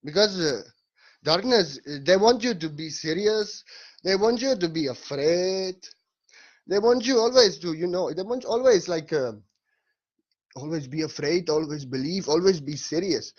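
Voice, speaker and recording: A jokey, mock-boastful Indian guru, as a man puts him on, pitched high and bouncing in a put-on Indian English accent. He brags in broken grammar. The sound is dull and muffled. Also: lively intonation, moderate pace.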